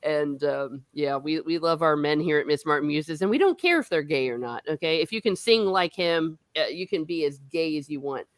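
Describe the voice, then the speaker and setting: Low-voiced woman hosting a rambling book chat. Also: animated, moderate pace, hardly any pauses, dry recording. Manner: rambling, laughs often, frequent fillers. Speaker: host of a book discussion show. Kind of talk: casual chat.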